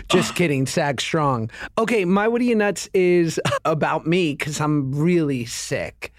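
A man's voice: fairly high pitch, animated, slow pace, no echo, studio quality. A man in his thirties co-hosting a casual chat, joking and laughing often. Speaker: podcast co-host.

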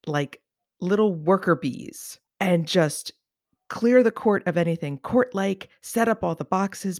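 A podcast co-host with a mid-range voice, talking casually in a wry, animated way and exaggerating for laughs. The sound is dry and close on a podcast mic. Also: medium pitch, no echo. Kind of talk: casual chat.

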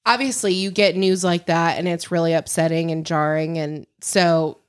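A woman's voice: fairly low pitch, fairly even intonation, moderate pace, clear, resonant tone. Young woman co-host, easygoing chat. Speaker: podcast co-host. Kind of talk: casual chat.

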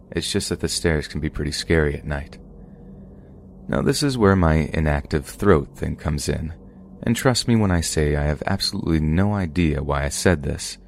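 A man hosting a podcast, reading submitted true scary stories aloud in a steady, measured way. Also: a bass voice, gravelly, a little hiss or hum. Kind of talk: scripted horror story narration.

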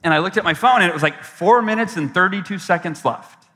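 Man, motivational keynote speaker, storytelling, slightly high voice, long hall reverb. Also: fast, pushed and bright. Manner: storytelling, acts out his own past voice with big swings. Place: large event hall.

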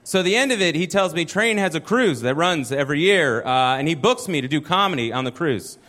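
A man's voice: fairly high pitch, animated, fairly quick, a bit bright. A young adult man doing a stand-up comedy set at a live venue, telling a chatty, self-deprecating story.

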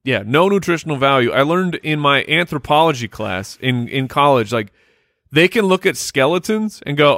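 A man co-hosting a podcast, excitable and quick to laugh in casual banter. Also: on the high side, no echo, studio quality. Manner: excitable, laughs easily, hedging. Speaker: podcast co-host.

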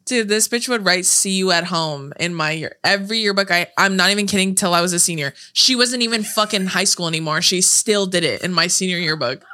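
Bright-voiced young woman swearing casually. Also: lowish voice, fairly quick, few pauses. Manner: swears freely, rambling storytelling full of "like". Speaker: podcast co-host. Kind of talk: casual chat.

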